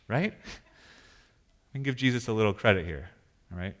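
A man preaching a sermon as pastor in a church, animated, acting out panicked voices. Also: fairly low pitch, measured pace.

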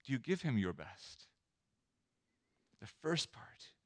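Animated male preacher acting out scenes. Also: medium pitch, takes it slowly. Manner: animated, acts out scenes, asks the audience questions. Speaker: pastor. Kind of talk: sermon.

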